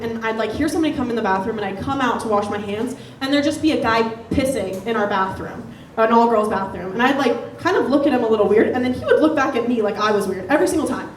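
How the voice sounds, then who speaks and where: A woman's voice: fairly high pitch, a little hiss or hum. A young woman doing a stand-up set, telling a story in a chatty way with laughing asides. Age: young adult. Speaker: stand-up comedian. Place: comedy venue. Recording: echoey room, distant mic.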